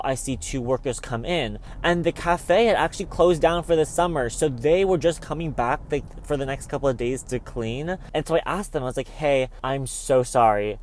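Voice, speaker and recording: A man's voice: medium pitch, a little mellow, a little hiss or hum. A young man vlogging, telling a dramatic story in a chatty way and calling the listener "babes" often. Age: young adult. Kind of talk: casual storytelling vlog.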